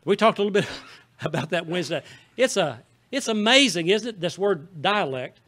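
In a church sanctuary, a male pastor from Southeast Missouri with a Southern Missouri accent preaches a folksy, conversational sermon, often checking in with the congregation. His voice sits high and a bit bright, with lively intonation at a moderate pace.

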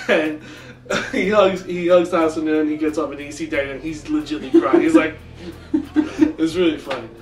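A man co-hosting a casual podcast, retelling events with animated acted-out quotes. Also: fairly high pitch, fairly quick, echoey room, distant mic, soft background music. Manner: animated storyteller, acts out quotes. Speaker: podcast co-host. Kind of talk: casual recap chat.

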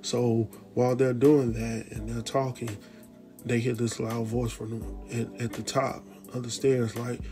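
A man casually recapping a TV drama episode, animated and slangy, speaking straight to his viewers. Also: medium pitch, measured pace, soft background music. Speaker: TV recap host.

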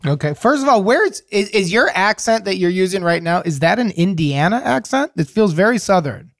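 A man's voice: high voice, animated, fairly quick, a bit bright. A man hosting a comedy advice podcast from Chicago, chatting loosely and laughing often with a caller. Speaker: podcast co-host. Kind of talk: casual comedic chat.

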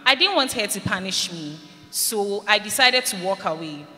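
A Ghanaian woman addresses students at a school event, sharing an earnest personal testimony and dramatizing what people told her. Her voice is expressive and sharp-toned, medium in pitch, at a moderate pace. The large hall gives a reverberant sound with a little faint noise.

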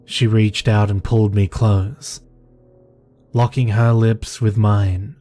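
A man narrating a horror story in a slow, measured first-person telling. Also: on the low side, level tone, mellow. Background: faint music.

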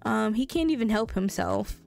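A woman's voice: a little high, lively intonation, normal speed, gravelly, a little mellow, faint music behind. Chatty, swearing young woman. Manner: chatty, swears casually, voices characters. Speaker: let's play host. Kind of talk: casual game commentary.

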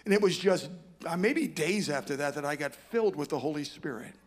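A man's voice: a little high, expressive, a little fast. Older man telling a rambling sermon story. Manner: rambling, self-deprecating storytelling with many restarts. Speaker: conference speaker.

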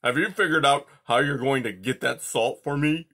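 A man voicing a grumpy, greedy male porcupine who grunts and grumbles peevishly, louder than his narration. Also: medium pitch, normal speed. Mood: irritated. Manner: grunting, peevish, starts with a hum.

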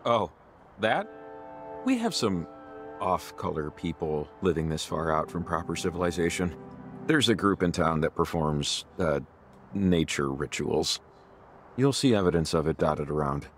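An actor playing a wary male townsperson in a video game, speaking in a deep, unhurried way over faint game music. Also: lively intonation. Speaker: game character.

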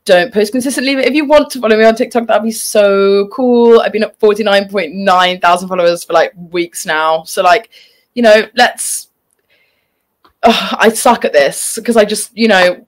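British girl in her 20s, chatty, says like constantly, middle pitch. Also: expressive, normal speed. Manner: chatty, fills speech with "like". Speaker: guest, former child actress. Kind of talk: casual interview chat.

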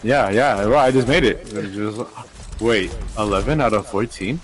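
A man's voice: lowish voice, moderate pace. A man playing an online party game with a friend, talking in casual slang, swearing and calling him bro. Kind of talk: casual gaming chat.

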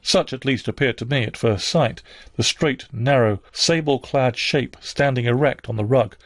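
A man narrating a classic novel as an audiobook reader, measured and even. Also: mid-range voice, dry recording, clean studio sound.

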